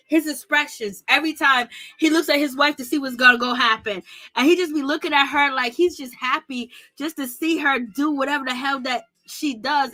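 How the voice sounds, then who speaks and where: This is a woman doing a casual, gossipy recap of a reality show. Her voice sits a little high and has a bright, punchy edge. She talks sassily and breaks into laughter often. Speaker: reality TV commentator.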